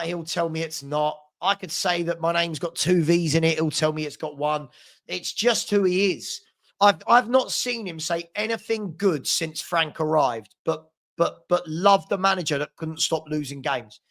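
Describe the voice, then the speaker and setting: A young man hosting a fan channel's live football watchalong reads out viewer comments with sarcastic banter. His voice sits high, unhurried, with a fairly bright tone.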